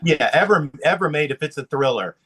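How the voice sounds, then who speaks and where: A man from Louisiana chatting casually as a podcast guest, his pitch sitting a little high. He rambles, jumping between thoughts with big swings in his voice, and sounds plainly animated. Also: brisk, husky. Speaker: podcast guest, drag performer. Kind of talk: casual movie chat.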